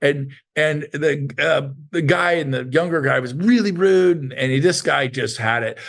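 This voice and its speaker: A man giving a lively motivational training talk to an online group, asking the chat questions and acting out quoted voices. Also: on the high side, moderate pace, vocal fry. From Sacramento area, US. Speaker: real estate coach.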